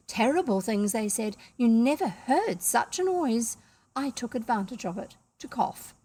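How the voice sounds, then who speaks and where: A woman with a New Zealand accent reading a classic story aloud, lively and amused, with chatty asides. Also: fairly high pitch. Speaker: audiobook reader.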